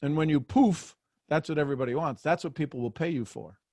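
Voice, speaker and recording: A man hosting a casual group coaching chat, playful and animated and laughing often. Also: fairly high pitch, fast, dry recording, clean studio sound. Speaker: host.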